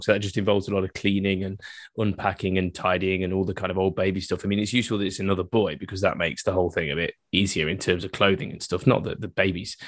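A man in his thirties co-hosting a podcast, talking in a relaxed, reflective way with frequent hesitations. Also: fairly low pitch, no echo, clean studio sound. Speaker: podcast co-host. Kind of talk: casual chat.

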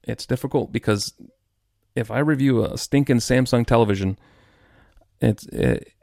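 Guy doing a solo podcast rant, super gravelly low voice, dry close mic, keeps restarting sentences. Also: normal speed, a little mellow, no room sound. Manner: frustrated, rambling with restarts. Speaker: podcast host.

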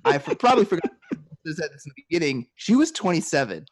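A man co-hosting a casual podcast, telling work anecdotes in an animated way. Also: on the high side, quick pace, no echo. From USA. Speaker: podcast co-host. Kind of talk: casual chat.

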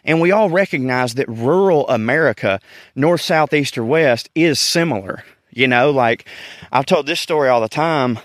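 A man's voice: medium pitch, moderate pace, no room sound, studio quality. A man with a Southern US accent, a podcast host talking in a rambling, candid monologue and swearing casually, recorded outdoors in a park.

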